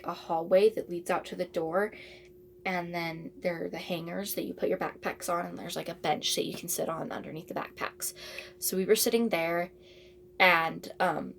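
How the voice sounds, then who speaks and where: A woman's voice: lowish voice, gravelly, slight background noise. A teenage girl telling a casual storytime, rambling and chatty with lots of asides and fillers. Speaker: vlogger.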